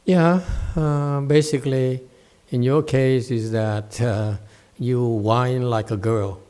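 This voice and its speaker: A man's voice: medium pitch, steady tone, slow, mellow. A man giving a Buddhist dharma talk at a temple, blunt and scolding, mocking his students' whining. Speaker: meditation teacher.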